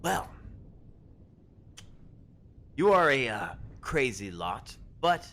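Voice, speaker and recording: A man's voice: mid-range voice, very animated, drawn-out words, fairly bright tone, heavily acted. A man voicing a shrewd, amused woman who sells potions in a tabletop game, in a drawling, appraising way. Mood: sly.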